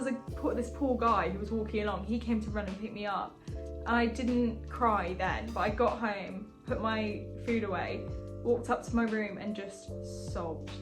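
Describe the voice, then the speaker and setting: A young woman in her twenties speaks straight to her viewers in a casual vlog, earnest and chatty, with lively asides. Her voice sits a bit high. Music plays clearly under her talk. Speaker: vlogger. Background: background music.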